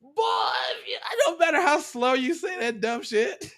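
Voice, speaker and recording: A man hosting a podcast, reacting to clips in loud, mocking casual commentary full of swearing. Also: very high-pitched, lively intonation, a little slow.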